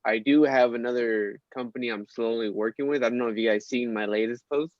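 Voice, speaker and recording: Male guest, mid-pitched, hesitant, ums and uhs, dull lo-fi line, dry. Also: fairly even intonation, a little fast, dry recording. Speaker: podcast guest, designer. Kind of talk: casual chat.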